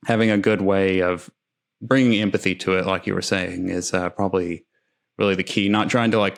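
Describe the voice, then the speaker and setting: A man's voice: low voice, vocal fry. A man hosting a podcast, thinking aloud in a hesitant way with many fillers. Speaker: podcast host. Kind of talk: conversational podcast interview.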